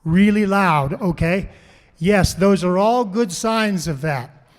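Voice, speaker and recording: A man's voice: sits high, slow pace. A man giving a talk to a live audience, telling stories and asking the crowd questions, then repeating their answers. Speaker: panel speaker on farm mental health. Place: conference hall. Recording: long hall reverb.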